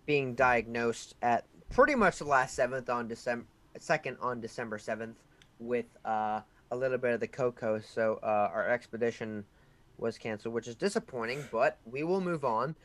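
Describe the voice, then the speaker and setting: Young man, podcast co-host, casual chat, rambling, filler-heavy, mid-pitched voice.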